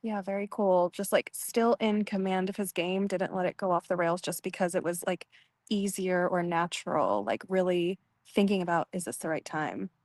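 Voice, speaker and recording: A woman co-hosting a live broadcast, chatty and excitable, stringing thoughts with "like". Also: on the low side, normal speed, no echo. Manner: chatty and excitable, talks in runs with "like". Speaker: co-host of the broadcast. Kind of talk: casual commentary chat.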